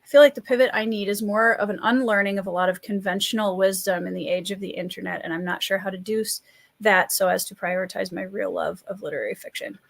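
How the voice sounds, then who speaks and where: A woman with a Scandinavian Midwestern accent from rural Minnesota, hosting a relaxed live stream, chatting, laughing often and reading out viewer comments. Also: mid-range voice, fast talker, vocal fry. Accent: Scandinavian Midwestern American. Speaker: livestream host and writer.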